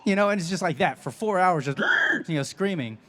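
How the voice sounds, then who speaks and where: Animated man telling a convention story. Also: high-pitched, fairly quick. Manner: animated storyteller, laughs often. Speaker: voice actor guest. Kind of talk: convention panel Q&A. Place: convention stage.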